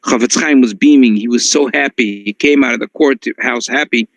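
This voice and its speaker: Male rabbi, mid pitch, animated storyteller with restarts and Yiddish phrases, dry close recording. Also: moderate pace, no room sound, rough recording. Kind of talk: storytelling class.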